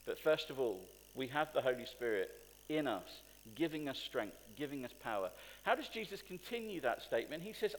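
A man's voice: medium pitch, a little fast, slight background noise. A man preaching a sermon to a congregation, asking them questions and building to emphatic points. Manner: animated, rising to emphatic peaks, asks the congregation questions. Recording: long hall reverb.

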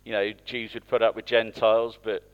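A man's voice: on the low side, flat delivery, a little fast, clean tone, dull audio. Man preaching a chatty, interactive sermon. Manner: conversational, asks the congregation questions. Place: church.

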